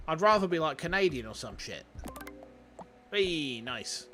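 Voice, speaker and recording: A chatty man with a Yorkshire accent, talking through a game on a livestream with a slightly raised pitch. He gets excitable and swears freely as he greets his chat. Faint music plays underneath. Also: normal speed, pauses often. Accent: Yorkshire English. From Yorkshire, England. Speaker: streamer. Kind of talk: casual gaming livestream commentary. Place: warm room at home with fans running.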